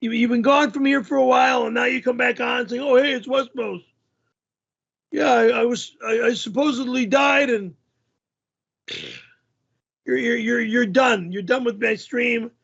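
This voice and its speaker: High, gravelly man, flustered and indignant. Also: fairly even intonation, moderate pace, long pauses, a bit bright, highs cut off. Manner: indignant, flustered, repeats and stammers. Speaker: livestream host. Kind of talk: reacting to viewer messages on a live stream.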